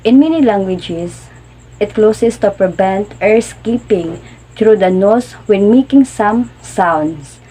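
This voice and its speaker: A woman's voice: mid-range voice, lively intonation, slow, mellow, husky, poor audio. A woman continuing a classroom lecture, reading definitions plainly. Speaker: student teacher.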